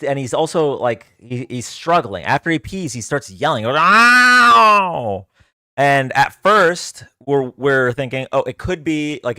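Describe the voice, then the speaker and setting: Rambling male streamer, smooth dry voice. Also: medium pitch, fairly bright tone, dry recording. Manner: rambling, filler-heavy, with frequent restarts. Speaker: livestream host. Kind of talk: casual storytelling.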